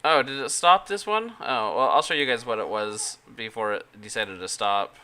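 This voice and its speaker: Chatting casually on a live stream as he works, a Utah man thinks out loud and hesitantly restarts his thoughts. His medium-pitched voice moves at normal speed, sounding pushed and bright with a clean tone.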